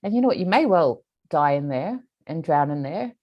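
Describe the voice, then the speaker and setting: A woman doing a patient, calm healer. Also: low voice, normal speed, dull audio. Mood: gentle.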